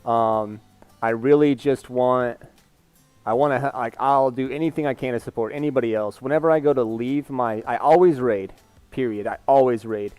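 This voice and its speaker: A man's voice: medium pitch, normal speed, darkish tone, clean tone, no echo, faint music behind. Rambling candid male streamer. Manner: rambling, candid, reads chat aloud. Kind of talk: casual live-stream chat.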